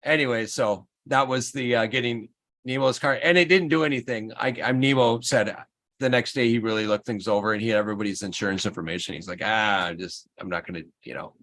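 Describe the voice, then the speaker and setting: A man hosting a livestream in casual chat, telling an animated, rambling story. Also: medium pitch, quick pace. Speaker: livestream host.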